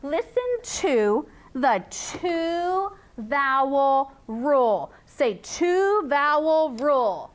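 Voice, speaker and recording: A woman teaching a phonics lesson to young children in a classroom, slow and sing-song, repeating sounds and rules. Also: high-pitched, sing-song.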